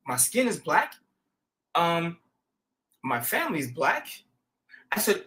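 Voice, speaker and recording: Telling stories on his show, this man has a slightly high voice and a slow delivery with frequent pauses. His chat is loose and full of slang, and he acts out quotes between laughs with plenty of animation.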